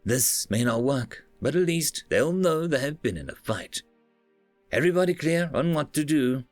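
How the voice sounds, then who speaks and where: A man's voice: a little high, animated, normal speed, dry recording, soft background music, voice pushed up, natural voice. A man voicing a blunt, commanding starship captain who gives firm, clipped orders in a raised voice.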